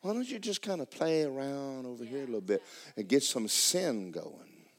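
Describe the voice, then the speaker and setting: A man's voice: mid-range voice, expressive, normal speed, close to an everyday voice. A man voicing a sly male devil who coaxes a listener toward sin in a lazy, offhand way. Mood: coaxing.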